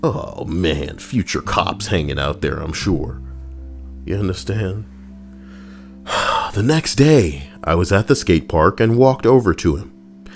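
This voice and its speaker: A man's voice: sits low, lively intonation, takes it slowly, vocal fry, faint music behind. A man casually reading online stories aloud on a live stream, swearing freely, laughing and breaking off to riff between lines.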